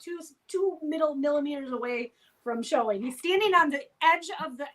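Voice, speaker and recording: A woman's voice: high voice, lively intonation, a little fast, a bit bright. A woman co-hosting a casual live-stream chat, joking and giggling as she tells stories about her dog.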